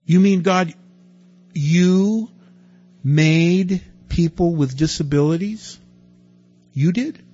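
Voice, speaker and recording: A husky-voiced man preaches a sermon in a conversational, questioning way. He swings from loud emphatic stretches to quiet, dropped asides. The recording sounds dull and lo-fi, with faint music underneath. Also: high voice, slow pace, long pauses. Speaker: pastor.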